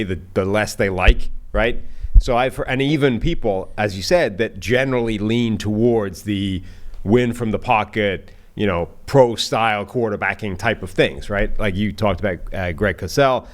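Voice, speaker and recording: A football analyst co-hosting a podcast speaks in a lowish voice at normal speed. He chats casually and thinks out loud, often tacking on "right?"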